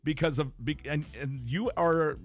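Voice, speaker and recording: A man's voice: a little high, steady tone. A man co-hosting a casual radio show, tossing in jokes and laughing often. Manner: jokey, quick with quips and laughs. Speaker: radio co-host. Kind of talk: casual morning radio chat.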